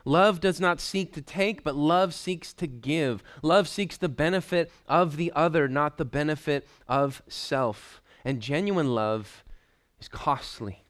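A man preaching a sermon in an earnest, emphatic way, repeating key phrases and letting his voice drop low at the ends of lines. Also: slow, fairly bright tone.

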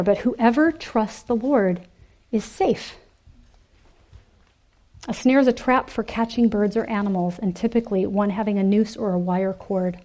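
A woman giving an animated, emphatic sermon to a women's gathering, acting out the quoted voices. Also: mid-range voice, measured pace. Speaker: speaker at a women's ministry event.

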